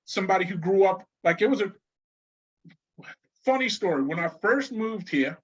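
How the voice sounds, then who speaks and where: A man with a notably high voice tells stories as a guest, laughing and restarting as he goes. The audio is slightly muffled and lo-fi. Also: normal speed. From New Orleans. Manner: animated storyteller, laughs often, many restarts. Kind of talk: casual conversation.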